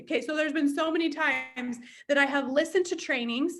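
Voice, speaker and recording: High-voiced woman giving a chatty team pep talk. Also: moderate pace, a bit bright. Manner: casual and chatty, acts out inner voices; open and emotional. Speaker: sales team leader. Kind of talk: motivational team meeting talk.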